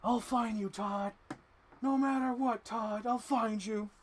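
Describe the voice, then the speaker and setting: A man putting on a vengeful cartoon hunter's voice with a loud, overblown threat. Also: very high voice, steady tone, slow pace, slight background noise, voice pushed up.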